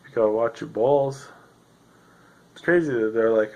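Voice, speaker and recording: A man's voice: lowish voice, normal speed, vocal fry, pauses often, warm tone, rough recording. A man hosting a solo podcast, rambling in a sardonic, self-deprecating way with lots of fillers, sounding tired. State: tired, yawning. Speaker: podcast host.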